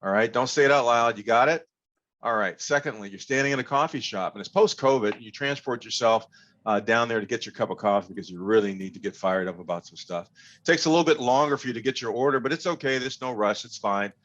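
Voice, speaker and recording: Guy running an online workshop, mid pitch, kinda dull lo-fi call audio, upbeat and engaging. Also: fast talker. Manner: animated, engaging, leads audience call-and-response. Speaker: workshop speaker. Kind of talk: interactive online workshop talk. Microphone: video call.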